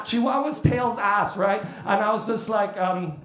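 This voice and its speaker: High-voiced British stand-up comedian. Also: male voice, unhurried, hardly any pauses, reverberant. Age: 30s. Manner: chatty, animated storytelling with crowd work. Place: comedy club stage.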